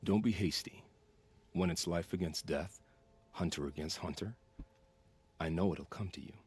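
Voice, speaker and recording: A man's voice: low-pitched, normal speed, darkish tone, breathy edge. An actor playing a theatrical male hunter in a video game who relishes the thought of a fight to the death. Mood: brooding. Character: bloodthirsty male hunter craving a duel.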